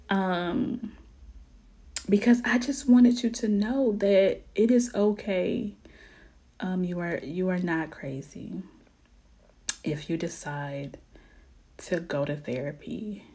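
A woman talking to her viewers in a casual, heartfelt chat about faith. She is earnest and sometimes drops to soft near-whispers before bursting into lively emphasis. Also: on the low side, slow pace, long pauses, husky. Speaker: vlogger sharing her faith. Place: home in Ohio.

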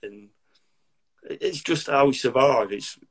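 A man, a military veteran talking casually and bluntly, swearing freely with dark humour. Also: mid-range voice, a little slow, husky. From Derby, England. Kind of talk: casual podcast chat.

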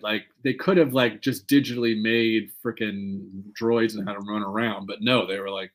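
A man co-hosting a fan podcast, talking in an animated, rambling way and swearing freely. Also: medium pitch, moderate pace, few pauses. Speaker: podcast co-host. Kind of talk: casual fan chat.

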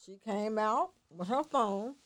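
A woman's voice: mid-range voice, animated, slow pace, a bit bright, slight background noise. Matter-of-fact female talk-show guest. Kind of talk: casual storytelling chat. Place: radio studio.

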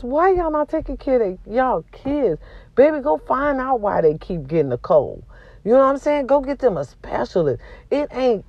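Her voice high, a woman hosts a casual vlog and complains to her viewers bluntly and profanely, a cold leaving her throat sore. She veers between loud and quiet on a dry recording whose highs are cut off.

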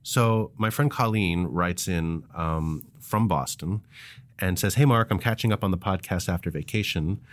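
A man with a very low, deep voice co-hosts a podcast, chatting casually and laughing often. His talk is halting and full of restarts. The sound is dry and close, with no room at all. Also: dry recording. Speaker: podcast co-host.

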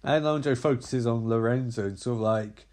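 A man's voice: mid-range voice, fairly quick, darkish tone. Sarcastic man riffing on a movie. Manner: sarcastic, profane, rambling. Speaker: movie reviewer. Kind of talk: comedic movie recap.

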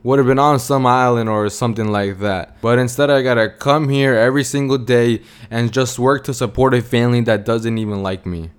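A bitter, angry cobbler who snaps at customers with loud, scornful complaints, as a man tells the story. He sounds fed up with everyone and everything. His pitch sits around the middle for a man. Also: fairly even intonation, fairly quick, few pauses, smooth, lightly acted.

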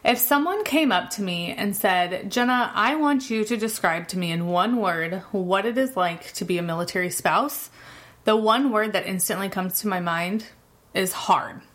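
A woman's voice: mid-range voice, normal speed, fairly bright tone. A woman in her thirties hosting her own podcast, talking in a chatty, candid way and often laughing as she goes. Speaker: podcast host. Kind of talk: casual solo podcast talk.

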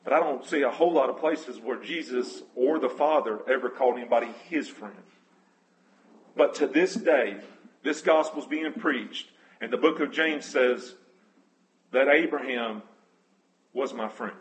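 A man's voice: mid-range voice, a little slow, a little hiss or hum, low-quality recording. A man preaching a conversational sermon, telling scripture stories earnestly and correcting himself as he goes. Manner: emotional, moved near tears.

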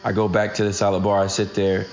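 A man's voice: fairly low pitch, monotone, fast, lo-fi sound, soft background music. A man in his thirties giving a casual, earnest motivational talk straight to his listeners. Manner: earnest, addresses listeners directly. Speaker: motivational speaker.

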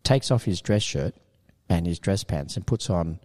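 A man telling an animated story in casual studio chat, laughing often. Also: low voice, normal speed.

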